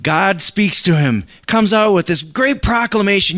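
A man's voice: high voice, animated, unhurried, few pauses, fairly bright tone. A man preaching a conversational sermon, reading scripture aloud and asking his congregation questions. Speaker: pastor.

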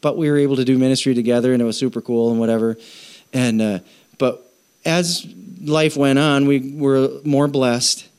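A middle-aged man preaching a conversational sermon on generosity, with jokes and animated asides. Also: mid-range voice, moderate pace, clear, resonant tone. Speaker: pastor.

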